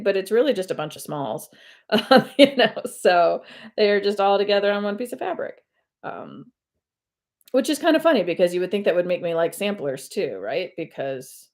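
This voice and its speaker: Casual female host, slightly low pitch, rambling live-stream chatter at home. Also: a little mellow. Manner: chatty and rambling, many fillers and self-corrections. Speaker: host of a cross-stitch video channel. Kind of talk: casual live-stream chat while stitching.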